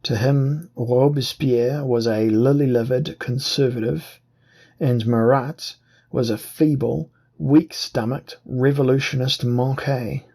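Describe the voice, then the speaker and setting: Guy reading an audiobook, slow and steady, gravelly husky voice. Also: medium pitch. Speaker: audiobook narrator. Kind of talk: scripted narration.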